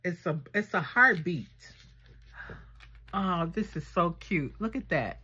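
Woman vlogger, slow and low-voiced, gushing casual unboxing chat. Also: husky. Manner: gushing, excitable, talks to viewers as girl and y'all. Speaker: craft vlogger unboxing swap gifts.

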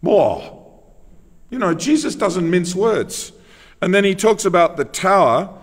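A man's voice: sits high, animated, normal speed, big-room sound. A man preaching a sermon, telling the story conversationally and asking emphatic rhetorical questions. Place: church.

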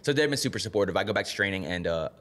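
A man's voice: low voice, racing. A man from the Bronx, a pro fighter and guest on a podcast, telling a story in casual chat and acting out the lines of people in it. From the Bronx, New York. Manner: animated storyteller, acts out quotes, restarts often.

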